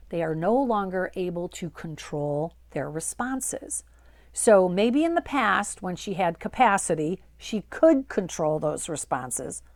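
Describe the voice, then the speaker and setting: Low-voiced woman coaching with emphatic repetition. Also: dry recording. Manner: emphatic and coaxing, repeats phrases for stress. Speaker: dementia care coach. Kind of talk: direct-to-camera advice talk.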